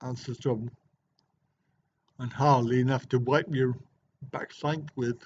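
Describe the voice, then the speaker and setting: A middle-aged host livestreaming from his hotel room chats and jokes casually in reply to viewer comments. He speaks a little slowly in a steady, mid-range voice. The livestream sound is dull and lo-fi, with slight background noise.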